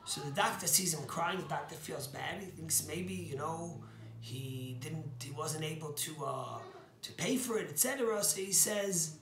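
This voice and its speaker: A man's voice: fairly high pitch, normal speed, roomy sound, background noise. A man giving a short inspirational sermon as a rabbi, telling stories earnestly and stressing key words.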